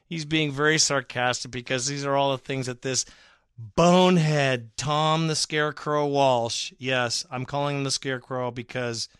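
A man hosting a sports fan podcast, chatting casually and reading listener comments with sarcastic, animated swings. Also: mid-range voice, measured pace, smooth, dry recording, clean studio sound. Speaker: podcast host.

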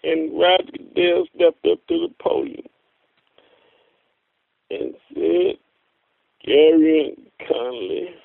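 A man calling in to a radio show, ranting excitably and swearing, swinging between loud outbursts and low muttering. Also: slow, vocal fry, pauses often, no echo. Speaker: caller. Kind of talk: animated call-in rant. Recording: tinny phone line.

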